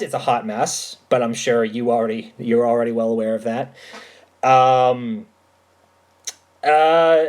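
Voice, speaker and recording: A man with a slightly high voice hosts a casual livestream, responding to chat and telling stories emphatically and animatedly, with lots of swearing.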